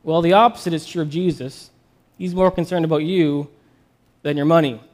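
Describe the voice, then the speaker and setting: Man, preacher, high voice, conversational sermon, upbeat storytelling. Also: fairly even intonation, moderate pace.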